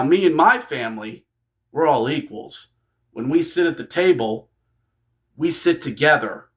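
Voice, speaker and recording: A man voicing a scheming male wrestler who talks calmly and persuasively. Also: mid-range voice, lightly acted. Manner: calm and persuasive.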